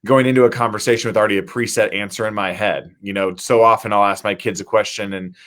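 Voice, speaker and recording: A man's voice: fairly low pitch, fairly even intonation, quick pace, fairly bright tone. An American man from the Midwest, hosting a live talk show in a casual way with lots of fillers. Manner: casual, many fillers like "you know". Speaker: host, city mayor.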